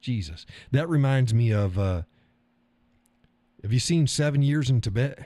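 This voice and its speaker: Man, middle-aged, live stream host, rambling casual chat, mellow tone, dry close sound. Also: medium pitch, lively intonation, a little slow, dry recording. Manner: rambling, swears casually, chuckles often. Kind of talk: casual chat reading viewer comments.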